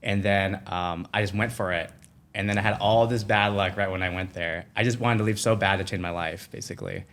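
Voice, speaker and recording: A man guesting on a podcast, telling a personal story in a casual, animated way, full of "like" fillers and acted-out quotes. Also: on the low side, fairly quick. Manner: animated, acts out quoted voices, many "like" fillers.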